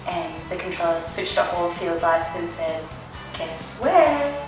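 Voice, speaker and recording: Australian woman, chatty talk-show guest, animated storyteller, faint music behind. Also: fairly low pitch, normal speed. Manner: lively storyteller, acts out quoted voices. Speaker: actress on talk shows. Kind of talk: chatty anecdotes on talk shows.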